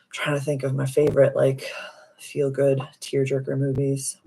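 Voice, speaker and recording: A woman's voice: very deep voice, completely flat delivery, normal speed, creaky, mellow, husky. A woman hosting a casual live stream as a spiritual healer, gushing and affirming as she answers viewer comments. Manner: soothing, affirming.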